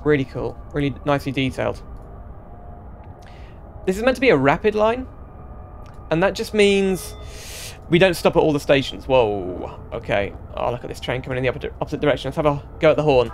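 A man giving let's-play commentary as he drives a train in a game, chatty and thinking aloud, with bursts of excited exclamations. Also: on the high side, a little fast, long pauses, slight background noise. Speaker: gaming channel host.

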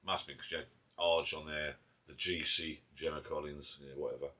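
A man's voice: a bass voice, level tone, fairly quick, sharp tone. A man with an Essex accent chatting casually over beers in his garden pub shed, rambling and breaking off mid-thought. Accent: Essex English. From Essex, England. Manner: rambling, chatty, self-interrupting. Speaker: vlogger. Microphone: camera mic.

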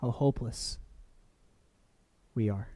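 A man preaching a reflective sermon, letting phrases fall soft and then lifting sharply for emphasis. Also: mid-range voice, takes it slowly, dry recording. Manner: reflective, with soft dropping phrase ends and sudden lifts.

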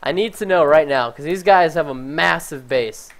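A man giving chatty, excitable live commentary while playing a game, talking to his viewers and easily startled. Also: on the high side, moderate pace. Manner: talks to chat and viewers. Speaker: gaming livestreamer.

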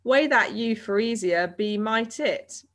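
A woman voicing an odd young woman who speaks backwards, slowly and deliberately. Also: a little high, lively intonation, pitched above the performer's own voice. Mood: deadpan.

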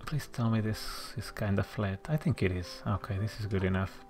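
A let's-play commentator thinking aloud while building in a game, muttering to themself and sometimes dropping to a soft near-whisper. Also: low-pitched, moderate pace, music in the background. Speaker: gameplay commentator.

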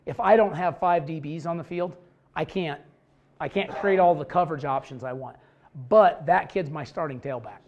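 A man explaining his defensive scheme like a football coach at a clinic, blunt and quick with a joke. His voice sits a little high for a man. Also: lo-fi sound, a little hiss or hum. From Idaho, USA. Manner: blunt, joking, animated storytelling.

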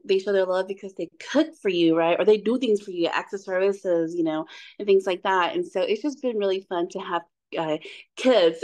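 A woman in her forties sharing family stories at a book club in a relaxed way. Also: mid-range voice. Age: 40s. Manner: relaxed, storytelling, animated when quoting. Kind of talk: casual sharing in a group discussion.

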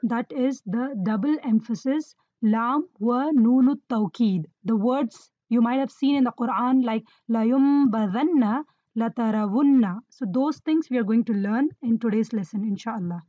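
Female teacher, high voice, measured explanatory delivery, dry dull recording. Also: no room sound. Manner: measured, explanatory, checks in with "right?". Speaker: Arabic grammar teacher. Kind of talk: lesson explaining Quranic Arabic grammar.

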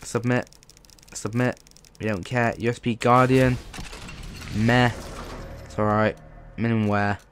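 A man's voice: medium pitch, little pitch movement, measured pace, long pauses, a bit bright, slight background noise. A man commentating as a gaming YouTuber, frustrated and swearing as he pleads with the game. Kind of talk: let's play commentary.

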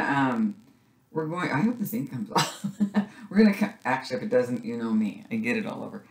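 A middle-aged woman chatting casually as she unboxes craft supplies, gushing excitedly with little gasps and cries of delight. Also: a bass voice, fairly quick. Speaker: craft vlogger unboxing a subscription box. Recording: echoey room with faint noise.

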